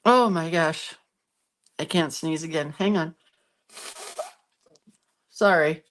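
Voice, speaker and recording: Her voice is deep and slow, with slight background noise behind it. She's a congested, sniffly craft video host leading a casual demo, chatty and self-deprecating, laughing at herself as she works.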